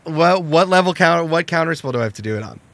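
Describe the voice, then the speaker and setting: A man running a tabletop game as game master, with an animated, excitable delivery. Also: fairly high pitch, quick pace, creaky.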